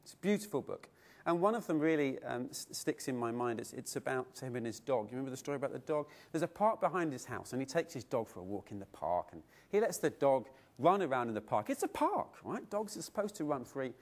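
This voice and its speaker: A middle-aged man delivering a keynote speech at a conference. He tells stories with lively swings in his voice and keeps putting rhetorical questions to the room. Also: medium pitch, quick pace. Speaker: keynote speaker. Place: conference hall.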